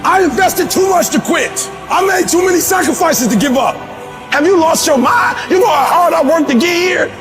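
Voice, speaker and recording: A man giving a motivational speech, shouting in repeated, preacher-like bursts. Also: very high-pitched, lively intonation, moderate pace, over music. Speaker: motivational speaker.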